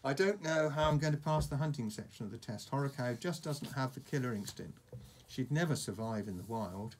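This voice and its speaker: A man reading aloud and voicing a fretful, gloomy young Viking boy who speaks slowly and dolefully. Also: mid-range voice, animated, husky. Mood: despairing. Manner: despairing, slow and doleful.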